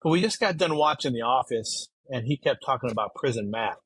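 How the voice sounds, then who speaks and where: A man's voice: mid-range voice, lively intonation, fairly quick, a bit bright, husky, no echo, low-quality recording. A man who is a guest on a podcast, chatting loosely and laughing easily. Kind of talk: casual chat.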